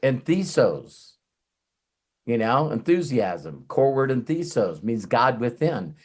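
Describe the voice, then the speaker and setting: A man giving an off-the-cuff motivational talk as a network marketing trainer, rambling and animated, swearing freely and often breaking off and restarting his sentences. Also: medium pitch, takes it slowly. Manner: frequent restarts and self-interruptions.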